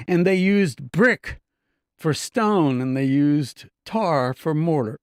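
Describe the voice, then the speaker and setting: Guy doing a laid-back bible teaching, talky, keeps asking if you follow, lively voice that jumps around, dry sound. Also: a little high, measured pace, no room sound. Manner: conversational, keeps checking listeners follow.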